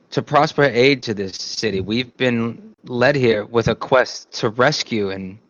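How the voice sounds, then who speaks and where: A man's voice: medium pitch, fairly bright tone, dry recording, lightly acted. Man as an earnest knightly fighter, stiff and formal, dull lo-fi mic. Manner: formal, halting, reassuring. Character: earnest young warrior of a knightly legion.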